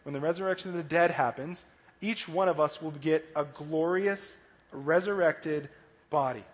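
Male kids' pastor, lively and animated, slightly high voice, big hall reverb. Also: normal speed. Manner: animated, asks "right?" often, acts out voices. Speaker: children's church pastor.

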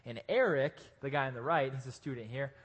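A man preaching a casual, joking sermon to a live audience, with lively restarts. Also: medium pitch, brisk, breathy edge. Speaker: pastor. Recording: echoey hall.

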